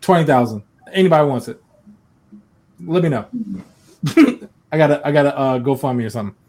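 A man co-hosting a casual podcast, joking and telling animated stories. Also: mid-range voice, fairly quick. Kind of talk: casual chat.

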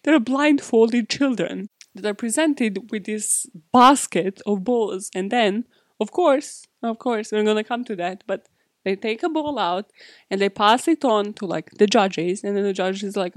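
A woman at a mid pitch hosts a comedic true-crime podcast, mixing the story with sarcastic asides and bursts of laughter. Her voice sits dry and close, with no room around it. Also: normal speed, no room sound. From Serbia. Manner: sarcastic, laughing often, swearing, animated asides. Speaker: podcast host.

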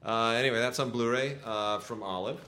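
A middle-aged man co-hosts a casual podcast talk show reviewing home video releases, sounding enthusiastic and sarcastic, with lots of fillers and restarts. His medium-pitched voice is fairly quick with a sharp tone, and a little hiss or hum can be heard.

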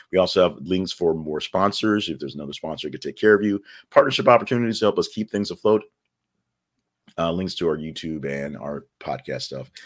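A man's voice: extremely low pitch, slightly rough. A man hosting a daily news podcast, reading an ad and a rundown in a chatty, rambling way with wry asides. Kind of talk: casual news rundown and ad read.

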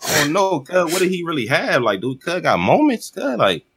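A man's voice: fairly high pitch, sing-song, brisk, fairly bright tone, husky. A man in casual chat about battle rap, slangy and laid-back, often trailing off mid-sentence.

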